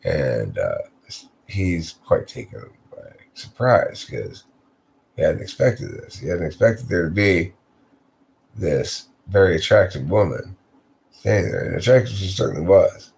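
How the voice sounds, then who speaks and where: A man's voice: deep voice, sing-song, unhurried, creaky, a little mellow. A man telling an improvised story in a drowsy, meandering way, losing his thread.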